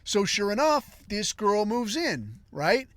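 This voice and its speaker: A man hosting a podcast, telling a long comic story in a rambling, crude way with deadpan asides. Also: sits high, takes it slowly, no echo. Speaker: podcast host.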